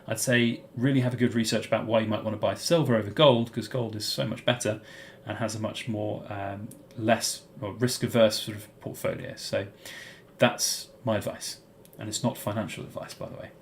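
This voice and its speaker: A British man hosting a casual live-stream Q&A answers viewers' chat questions in a rambling way, with lots of "um," "uh," and restarts. His voice is lowish and fairly even at normal speed, with slight background noise.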